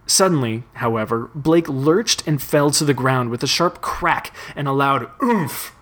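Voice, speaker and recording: Male narrator, measured story reading, plain voice. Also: medium pitch, a bit bright. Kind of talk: reading a fan story aloud.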